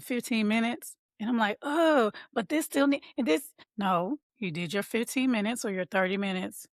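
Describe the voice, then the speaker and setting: A woman's voice: medium pitch, no room sound. A woman hosts a motivational podcast for mothers in a conversational coaching tone. She talks to listeners as y'all. Her voice sits mid-range and is recorded close, in a dry room. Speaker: podcast host and mom coach.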